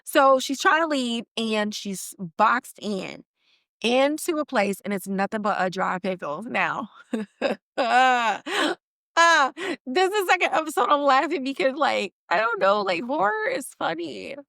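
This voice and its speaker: Woman podcast host, casual recap chat, slangy animated storytelling, fairly high voice, dry close sound. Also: unhurried, gravelly, no echo.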